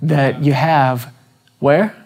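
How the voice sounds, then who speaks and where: He preaches an evening sermon at church in an easygoing, conversational manner, asking the congregation question after question and acting out scripture with shifting stress. The voice is slightly high and a bit mellow, steady in tone and delivered very slowly.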